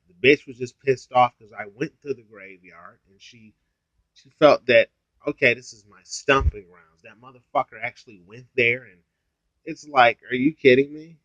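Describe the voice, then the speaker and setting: Young male vlogger, blunt and profane, mid-pitched, dry and lo-fi. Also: moderate pace, fairly bright tone, dry recording. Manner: blunt, heavily profane ranting. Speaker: YouTuber. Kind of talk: casual storytime vlog. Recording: dull lo-fi sound, dry.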